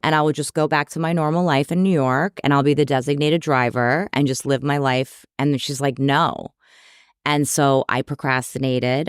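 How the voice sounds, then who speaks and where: Woman guest, lively storyteller; smooth, clear voice, dry close mic. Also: a bass voice, dry recording. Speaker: psychotherapist guest. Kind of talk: casual storytelling interview.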